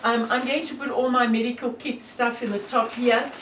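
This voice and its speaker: South african lady vlogging, earnest and rambling, bit high pitched, sounds far from the mic in an echoey room. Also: steady tone, moderate pace, fairly bright tone, a little hiss or hum. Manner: earnest, devout, rambling with many fillers. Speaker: hiker and vlogger. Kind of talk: casual talk to camera.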